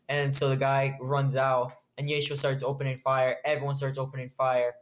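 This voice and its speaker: A man's voice: mid-range voice, completely flat delivery, moderate pace, few pauses. Guy telling a made-up zombie story, swears a bunch, sarcastic asides, plain everyday voice. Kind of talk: improvised collaborative story.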